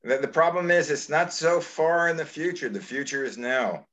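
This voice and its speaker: A man's voice: fairly high pitch, lively intonation, normal speed, a bit bright. A man hosting a chat show, talking earnestly with many halts and restarts. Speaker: show host. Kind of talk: casual interview chat.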